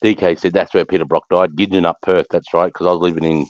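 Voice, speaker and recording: A man's voice: sits low, flat delivery, fast talker, no echo, muffled recording. An Australian man hosting a livestream, chatting casually in a blunt, sweary, rambling way. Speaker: livestream host. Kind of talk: casual chat.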